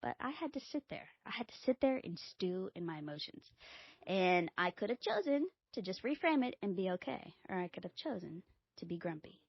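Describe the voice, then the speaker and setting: Expressive woman podcast host with a dry, slightly dull recording. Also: brisk, breathy edge, no echo. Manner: animated, acts out quoted dialogue with big pitch jumps. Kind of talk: casual storytelling.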